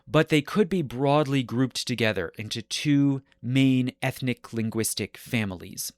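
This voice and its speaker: This history podcast host, a man with a mid-range voice, walks through the geography like a lecturer, fixing his own slips as he talks. The recording is dry.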